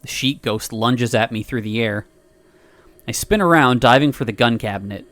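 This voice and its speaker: A man streaming, reading a visual novel aloud with expressive narration and laughing asides. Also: medium pitch, brisk.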